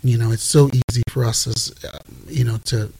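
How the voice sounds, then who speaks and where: A man in a casual faith discussion, retelling Bible stories in an animated way and laughing along. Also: mid-range voice, normal speed, vocal fry, husky, low-quality recording.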